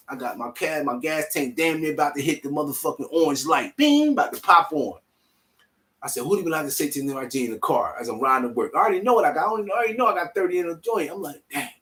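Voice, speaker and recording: A young man telling a personal story in casual, animated street slang, swearing freely. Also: a little high. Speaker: vlogger.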